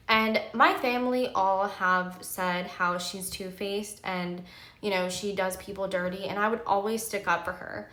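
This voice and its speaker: A woman's voice: mid-range voice, unhurried, sharp tone, roomy sound. A woman in her thirties, a pharmacy technician about to become a nurse, venting emphatically in a candid vlog storytime full of fillers. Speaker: pharmacy technician and nursing student.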